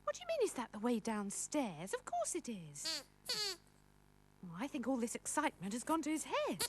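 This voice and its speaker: A woman presenting a children's puppet show, chatting to puppets in an animated, exaggerated way. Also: high voice, normal speed, heavy background noise.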